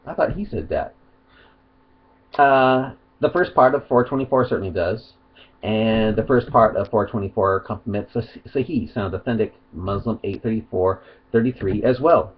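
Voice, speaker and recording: A man's voice: fairly low pitch, normal speed, breathy edge, muffled recording. A man giving a rambling, argumentative vlog monologue, partly reading aloud, with many restarts. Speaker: video commentator.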